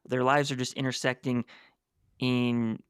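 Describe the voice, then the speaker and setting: A man chats casually on a book podcast, adding background to the story. His voice is smooth and resonant at an ordinary pitch. The sound is dry and close. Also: level tone, measured pace, no echo. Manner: chatty, filling in story context. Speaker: podcast co-host.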